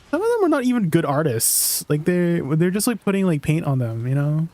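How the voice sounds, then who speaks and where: A man's voice: a little high, sing-song, moderate pace, a little mellow, dry recording. A man livestreaming a game, chatting casually in a rambling way with lots of fillers and laughing at himself. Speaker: streamer.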